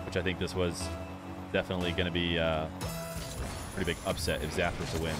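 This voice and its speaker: Young male streamer, lowish voice, easygoing rambling chat with viewers, game music clearly under him. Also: quick pace. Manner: relaxed, rambling, talks straight to chat. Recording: music playing clearly behind the voice.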